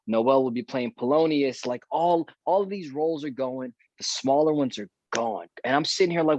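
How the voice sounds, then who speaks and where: A man's voice: medium pitch, moderate pace, few pauses, darkish tone, no room sound. A man who is a guest actor, telling a story in a casual podcast chat and acting out the dialogue he remembers. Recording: dull, dry lo-fi audio.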